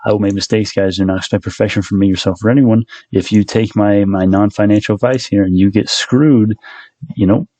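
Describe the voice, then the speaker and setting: A man's voice: on the low side, fairly even intonation, a little fast, dark tone, no room sound. A college-aged man rambling through casual stock market commentary, breaking into rants as the channel host. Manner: rambling, self-interrupting rants. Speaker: stock vlogger.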